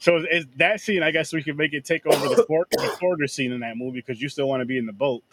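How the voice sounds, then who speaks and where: A man in a casual podcast chat, adding quick remarks and agreeing. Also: on the high side, fairly even intonation, very noisy.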